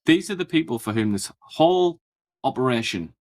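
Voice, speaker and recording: A man's voice: medium pitch, lively intonation, normal speed, a little mellow. A man co-hosting a political talk show, speaking with dry, mock-serious sarcasm. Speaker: co-host. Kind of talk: political commentary chat.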